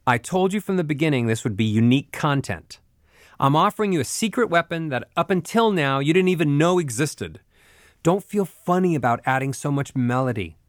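A man's voice: a little high, no room sound. Man coaching voice exercises, dry sound. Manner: demonstrative, sings and mimics examples. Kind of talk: instructional narration.

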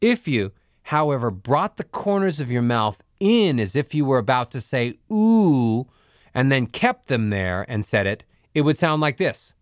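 A man's voice: mid-range voice, animated, normal speed, hardly any pauses, dry recording, clean studio sound. A man teaching a voice lesson, explaining and demonstrating mouth positions and vowel sounds aloud. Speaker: voice coach. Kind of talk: instructional voice lesson.

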